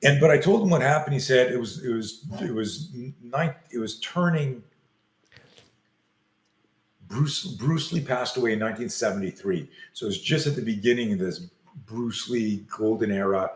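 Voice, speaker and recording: A man and self-defense coach telling a story in an interview, animated, acting out the scenes as he goes. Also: medium pitch, moderate pace, reverberant.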